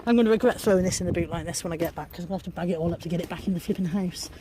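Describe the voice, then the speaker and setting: A woman's voice: lowish voice, rapid-fire. A British woman vlogging at an outdoor car boot sale, chatting wryly and self-deprecatingly while out of breath and snuffly with a cold. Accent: British English. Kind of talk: casual vlog narration. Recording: noisy outdoor recording.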